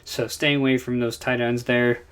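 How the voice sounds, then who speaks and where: A man's voice: mid-range voice, little pitch movement, a bit bright, smooth. A young man casually giving fantasy football picks, running through players with lots of ums and uhs. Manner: rapid list of player picks with many fillers. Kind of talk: casual commentary.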